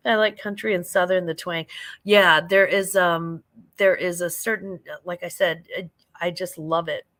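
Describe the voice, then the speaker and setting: An older woman from St. Louis, talking loosely through a late-night livestream. Her voice sits on the low side for a woman. She rambles, laughs easily and answers viewer comments as they come in. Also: sharp tone. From St. Louis, Missouri. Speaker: livestream host.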